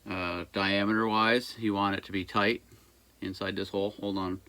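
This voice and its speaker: A folksy small engine repair shop owner chats his way through a repair job in a casual workshop how-to, rambling and cracking small jokes. His low but bright, forceful voice is smooth, level in tone and moderately paced as he drifts around the bench near a camera mic, in a workshop beside a busy road.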